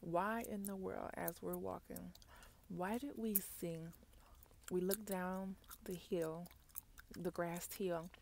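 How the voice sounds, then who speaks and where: A woman, telling a chatty, animated ASMR story in soft, half-whispered role-play, close to the mic. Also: fairly low pitch, slow, creaky, a little hiss or hum. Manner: chatty, animated storytelling, addresses viewers as y'all. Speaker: ASMR vlogger.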